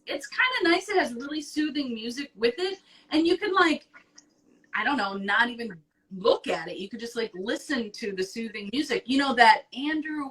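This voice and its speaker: A woman hosting an advice show in casual chat, blunt and profane, talking with animated emphasis. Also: a little high, distant mic, rough recording.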